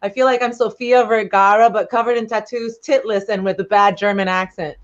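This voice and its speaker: A woman's voice: medium pitch, steady tone, fairly quick, muffled recording. A woman from New York City with a New York accent, hosting a live-streamed comedy open mic in a brash, joking way. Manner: brash, joking, laughs at her own lines.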